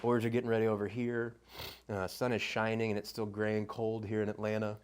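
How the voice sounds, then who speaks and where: Guy with a lowish voice rambling thru a story on a podcast, gets lively quoting himself. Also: a little fast, smooth. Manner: animated when quoting himself, rambling with fillers. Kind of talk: casual storytelling chat.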